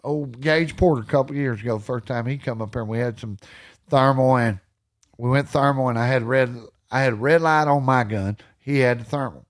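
A middle-aged man, a podcast guest telling stories in casual chat, energetic and swearing freely. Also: medium pitch, moderate pace.

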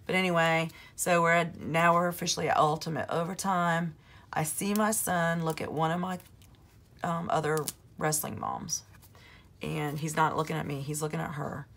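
A woman in her forties with a hoarse voice, telling a long story in a casual vlog, rambling with plenty of fillers. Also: low-pitched, fairly even intonation, normal speed, a bit bright. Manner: chatty, rambling with many fillers. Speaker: planner vlogger.

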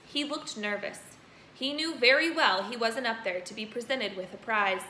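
A woman teacher reads a children's book aloud in a bright, slightly high voice. The room around her is roomy and echoey, with faint noise behind. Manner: storytelling, pausing to point out pictures.

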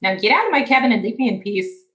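A woman voicing a gruff, grumbling village woman who wants to be left in peace, ending lines with a clipped "eh". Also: fairly high pitch, lively intonation, fast talker, fairly bright tone, voice pushed up.

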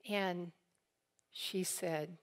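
Very slow and steady in tone, her voice is fairly low. She's a guest teacher from eastern Kentucky telling a congregation family stories, acting out quoted voices with laughs.

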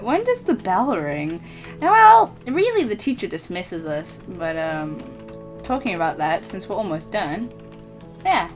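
With faint music behind her, a woman speaks in a low-leaning, sing-song voice at normal speed. She's the lead voice actor and player in a relaxed Minecraft role-play, playfully voicing her character and frequently breaking into giggles partway through sentences.

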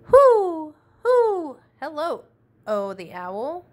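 A woman's voice: mid-range voice, slow pace, fairly bright tone. A woman voicing a friendly owl librarian who hoots and speaks in a sing-song way.

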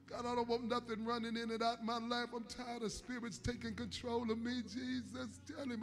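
Preacher man, high voice, begging the lord over and over, faint music under him. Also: level tone, moderate pace, few pauses. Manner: pleading, repetitive, fervent prayer. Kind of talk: altar-call prayer in a sermon. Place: church service with music behind.

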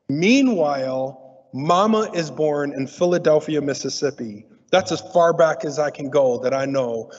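A middle-aged man giving a lively, teasing conference talk to an audience. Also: fairly high pitch. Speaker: diversity speaker. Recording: muffled audio in a reverberant hall.

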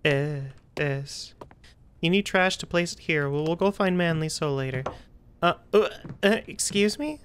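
A woman streamer talking through a horror game, chatty and jumpy, with nervous outbursts and a slightly rough throat. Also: lowish voice, animated, a little slow, a little hiss or hum. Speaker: gaming streamer.

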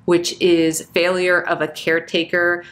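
A woman who teaches nursing, explaining topics in a clear, steady way with casual fillers like "um" and "you know.". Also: lowish voice, measured pace. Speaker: nursing educator. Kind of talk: instructional lecture.

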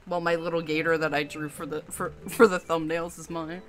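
A woman's voice: deep voice, little pitch movement, normal speed, soft background music. A woman streamer giving chatty, self-mocking commentary while playing through a story game. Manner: chatty, self-mocking, laughing at her own slips. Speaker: gaming streamer. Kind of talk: let's play commentary.

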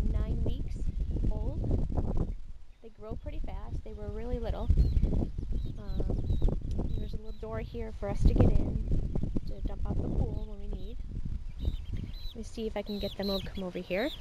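A woman's voice: dull audio, heavy background noise. A woman vlogging casually outdoors beside a backyard chicken coop, chatting as she shows the birds on a handheld camera. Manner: chatty, talks to her birds in a high coaxing voice. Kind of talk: casual show-and-tell vlog. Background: chickens and ducks.

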